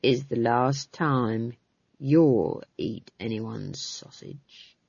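A woman reading an audiobook, voicing a nervous, gruff male guard captain in a low, slow voice. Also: lively intonation, no room sound, dull audio, exaggerated voice.

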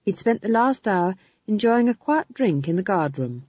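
A woman narrates a story with a husky, low voice that rises and falls freely. The recording is dry and a little dull. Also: moderate pace, dry recording. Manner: expressive storytelling. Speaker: audiobook narrator. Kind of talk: scripted narration.

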